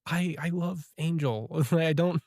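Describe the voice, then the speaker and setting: A man hosting a podcast in casual chat, talking quickly and chattily like a fan. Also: a little high, darkish tone, dry recording, clean studio sound. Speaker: podcast host.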